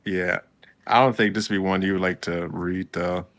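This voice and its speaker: A man's voice: sits low, level tone, moderate pace, fairly bright tone. A man in casual chat as a podcast co-host, recapping an episode in a laid-back way and acting out characters' lines.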